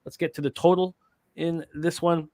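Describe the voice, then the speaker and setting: A man's voice: on the high side, flat delivery, moderate pace, mellow, no room sound. A man hosting a live sports betting show, reading stats and chat comments with frequent fillers.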